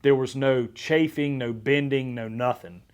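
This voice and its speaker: A male podcast host tells a story in relaxed, casual conversation. His voice sits in an ordinary middle pitch. He talks with animated energy and often restarts his sentences. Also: a little slow, smooth.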